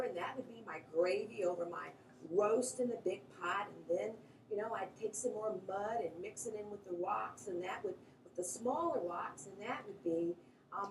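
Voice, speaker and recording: A woman telling a funny story from her childhood in a lively, animated way, her voice jumping up at the exciting parts. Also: moderate pace. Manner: animated storytelling, pitch jumps at exciting moments. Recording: roomy echo, slightly distant mic, faint background hiss.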